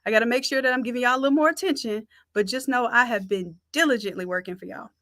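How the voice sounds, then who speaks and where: A chatty woman walks viewers through a design tutorial on a live stream. Her voice sits fairly high and sounds close to the mic. The room around her is dry, with no echo. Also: fast talker, fairly bright tone. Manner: chatty, talks to viewers as y'all. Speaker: design instructor.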